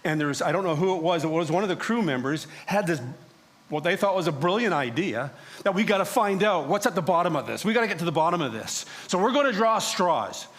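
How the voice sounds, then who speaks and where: A man's voice: high voice, expressive, quick pace, fairly bright tone. A man preaching a sermon as a first-person dramatic monologue, telling the story in character as a prophet and acting out the other voices in it. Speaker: pastor. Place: church sanctuary.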